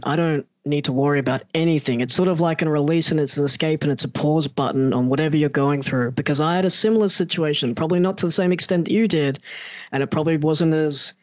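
A man's voice: on the high side, dry recording. A male podcast host who also wrestles, talking earnestly and telling stories fluently. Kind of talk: podcast interview.

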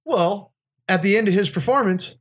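A man's voice: sits high, normal speed, husky. A man hosting a podcast, telling a profane party story with lots of laughter. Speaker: podcast host. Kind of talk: casual storytelling chat.

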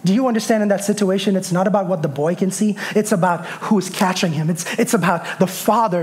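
A man pastor preaching a sermon, emphatic and repeating key phrases, swelling up to shouts. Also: high voice, a little fast, hardly any pauses.

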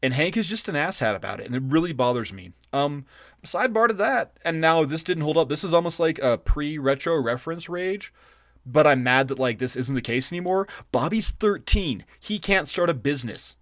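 A man's voice: on the high side, animated, fairly quick, a bit bright, dry recording. Podcast guy venting hard, lots of swearing, dry close mic. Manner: ranting, swears a lot, exasperated. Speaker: podcast co-host. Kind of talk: casual podcast chat.

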